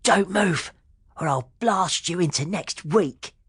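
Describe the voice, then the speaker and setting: A man voicing a small cheeky neighbour boy with an eager, high voice. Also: slow, a bit bright, husky, heavily acted. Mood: mock-threatening.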